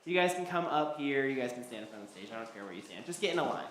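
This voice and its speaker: A man's voice: medium pitch, expressive, rapid-fire. A man teaching a Bible study class, talking loosely with many ums and restarts. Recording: echoey hall, faint background noise.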